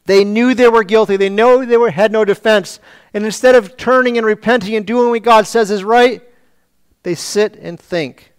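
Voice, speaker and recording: A man's voice: high voice, normal speed, clean tone. A man preaching a sermon, asking rhetorical questions and reading scripture aloud. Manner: preaching with rhetorical questions, acting out voices of the people. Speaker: pastor.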